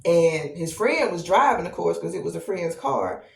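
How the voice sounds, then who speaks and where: A woman in her thirties, a podcast host telling a long personal story in a casual, animated way, repeating herself as she goes. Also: on the low side, gravelly. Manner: animated, conversational, drawn-out repetitions. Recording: roomy echo, distant from mic.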